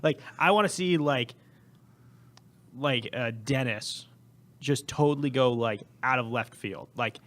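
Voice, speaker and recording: A man's voice: mid-range voice, unhurried, pauses often, a bit bright. A man co-hosting a podcast in casual comedic chat, rambling with lots of fillers and laughter. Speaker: podcast co-host.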